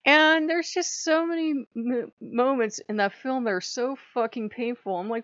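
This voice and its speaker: A woman ranting on her vlog in an animated, sarcastic way, swearing freely, on a dull, dry recording. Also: on the high side, moderate pace, hardly any pauses, no echo. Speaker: vlogger. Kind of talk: casual vlog rant.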